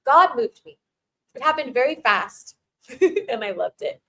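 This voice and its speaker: With a high, very animated voice and an unhurried delivery, a livestream host answers chat in a casual Q&A. She laughs a lot, warmly thanks viewers as she reads their messages, and restarts often with plenty of filler words. The recording is low quality.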